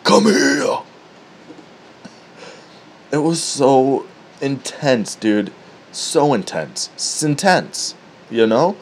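Slow, lively-pitched profane male storyteller. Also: a little hiss or hum. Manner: animated, profane, laughing at his own story. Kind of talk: comedic storytelling monologue.

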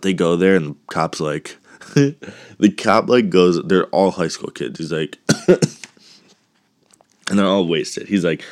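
A deep-voiced man with a cough works through a movie recap at an unhurried pace, rambling and swearing for laughs. His voice sounds close and dry, with no room around it. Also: a little mellow, no room sound. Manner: rambling, profane and joking.

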